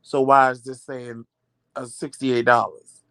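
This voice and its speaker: A man hosting a vlog, telling a story in casual chat, animated and sassy, acting out the back-and-forth and calling listeners "child" and "honey". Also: mid-range voice, unhurried, dry recording. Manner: animated storytelling, acts out quoted exchanges. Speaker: vlog host.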